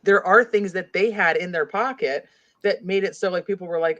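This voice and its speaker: A woman's voice: on the low side, moderate pace, fairly bright tone. Woman, host, casual true-crime chat, rambling, says "like" a lot, reads comments aloud, muffled lo-fi sound. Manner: rambling, heavy use of "like". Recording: dull lo-fi audio.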